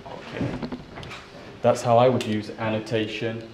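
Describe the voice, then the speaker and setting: A man teaching pronunciation, spelling out letters and repeating words slowly as a classroom drill. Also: fairly low pitch, level tone, darkish tone, slight background noise. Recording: roomy echo, voice from a distance.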